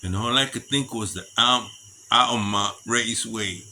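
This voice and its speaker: A man telling a rambling personal story in a casual, animated way and acting out other people's lines, outdoors at night with crickets behind him. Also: lowish voice, a little slow, a little hiss or hum.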